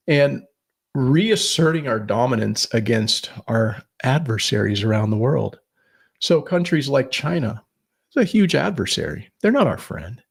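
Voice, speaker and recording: A man's voice: medium pitch, creaky, breathy edge. A man co-hosting a podcast, giving blunt political opinions, swearing and rambling with restarts. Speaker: podcast co-host.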